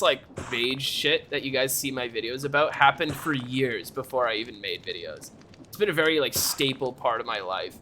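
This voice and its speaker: A man's voice: mid-range voice, pushed and bright, slight background noise. A young man streaming live, chatting casually and ranting animatedly, often breaking into laughter. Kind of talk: casual chat.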